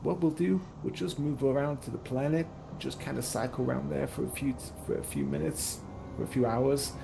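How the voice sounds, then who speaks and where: A man's voice: medium pitch, fairly even intonation, fairly quick, vocal fry, noisy background, pitched above the performer's own voice. A man voicing a friendly, folksy spacer with a Southern accent, who calls people darling. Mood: reassuring. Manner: drawling, affectionate, calls others darling.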